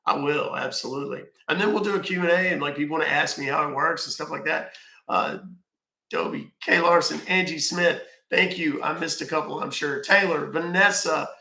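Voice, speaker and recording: A man chatting on a live stream from home, with a gravelly, bright and forward voice. He rambles loosely, thanks viewers by name and swears casually. The sound is echoey, as if recorded in a bare room. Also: on the high side. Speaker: live-stream scambaiter host.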